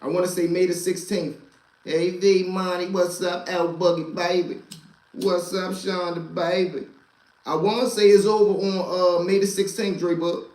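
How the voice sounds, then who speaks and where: Animated profane man telling street stories. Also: high voice, normal speed, roomy sound, poor audio. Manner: animated, profane street slang, repeats himself for emphasis. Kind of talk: casual storytelling.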